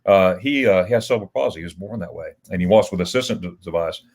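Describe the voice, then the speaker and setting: A man's voice: low-pitched, fast talker, darkish tone. Chatty man telling rambling stories. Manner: rambling storyteller with frequent restarts and chuckles. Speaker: livestream host. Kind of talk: casual livestream chat.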